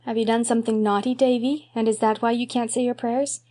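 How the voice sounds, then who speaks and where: A woman reading an audiobook, voicing a gentle, patient young woman who speaks softly and reassuringly. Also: fairly high pitch, little pitch movement, brisk, natural voice. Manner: gentle, soft-spoken, reassuring.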